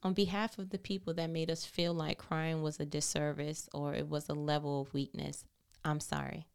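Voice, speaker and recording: A woman's voice: low voice, flat delivery, moderate pace, creaky, darkish tone, clear, resonant tone. A woman hosting a faith-based motivational talk, earnest and encouraging, asking rhetorical questions. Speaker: host.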